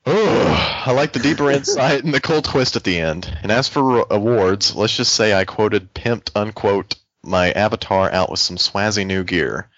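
A man's voice: fairly low pitch, moderate pace, hardly any pauses, a bit bright, no echo, highs cut off. A man co-hosting a casual gaming podcast, joking and laughing as he reads out a listener message. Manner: joking, laughs often, playful. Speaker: podcast co-host reading listener mail. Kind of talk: casual group podcast chat.

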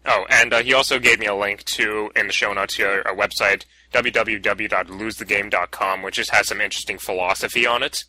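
A man's voice: on the low side, fairly even intonation, a little fast, hardly any pauses, sharp tone, rough recording. A man co-hosting a casual podcast, reading out listener submissions and prodding his partner. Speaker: podcast host.

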